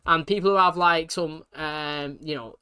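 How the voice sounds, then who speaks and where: Fast-talking British man, bright voice. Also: a little high, steady tone, clear, resonant tone. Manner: fast, slangy talk with many fillers. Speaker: TV reaction channel host. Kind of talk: casual reaction commentary.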